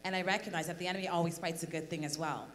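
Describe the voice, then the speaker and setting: A woman's voice: on the low side, steady tone, very fast. A woman on a church panel reflecting earnestly on her relationship, recorded in a large church hall. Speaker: church speaker, wife. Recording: hall reverb with faint hum.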